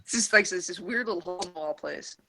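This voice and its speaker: This man's high voice comes out quick, pushed and bright as he tells a meandering story to friends on a video call, full of restarts and "like." Heard through a computer mic, the poor audio has soft music behind it and turns robotic in places.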